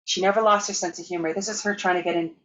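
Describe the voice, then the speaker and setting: Lively storytelling woman, muffled sound. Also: on the low side, rapid-fire, slight background noise. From Canada. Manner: lively, laughing anecdotes with acted-out quotes. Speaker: keynote speaker. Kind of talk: storytelling conference talk.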